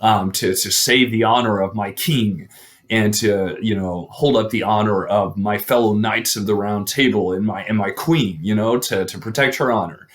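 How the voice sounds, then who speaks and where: A man's voice: lowish voice, moderate pace, close to an everyday voice. A man doing an earnest young knight.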